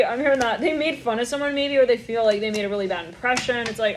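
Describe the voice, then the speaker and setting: A woman's voice: a little high, quick pace, few pauses, slight background noise. Rambling woman giving a tarot reading. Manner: rambling, stream-of-consciousness, frequent swearing and laughter. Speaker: tarot reader.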